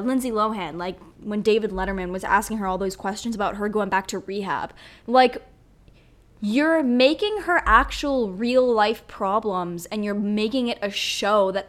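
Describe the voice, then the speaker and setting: A young woman hosting a solo podcast, ranting in a profane, animated, rambling way. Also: mid-range voice. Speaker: podcast host.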